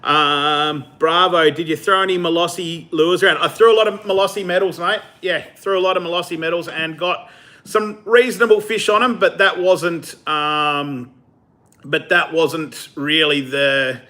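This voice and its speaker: A man's voice: on the high side, fairly even intonation, moderate pace, pushed and bright. A man hosting a fishing channel, chatting casually on a live stream, answering viewer comments with easy laughs. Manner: casual, chatty, laughs easily, many fillers.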